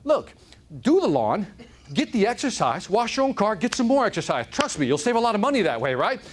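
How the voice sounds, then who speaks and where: Chicago guy doing a keynote, high bouncy voice, jokey, keeps saying right?. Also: fairly quick, slightly rough. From Chicago, United States. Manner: energetic, joking, keeps asking "right?". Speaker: motivational speaker. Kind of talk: live keynote talk to an audience. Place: conference room with audience.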